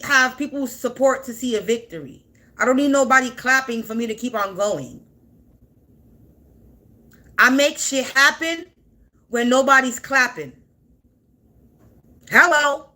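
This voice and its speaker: A woman in her forties with a high voice talks straight to camera in an unscripted monologue. Her tone is sharp and forceful. She swears bluntly and keeps repeating her points. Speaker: spiritual content creator.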